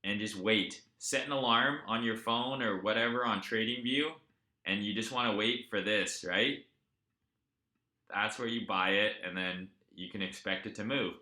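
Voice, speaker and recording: A man hosts a live crypto trading stream, chatty and profane. His voice is low-ish yet sharply bright and tense, and it rings in an echoey room. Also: normal speed. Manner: profane, animated storyteller. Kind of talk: casual live-stream chat.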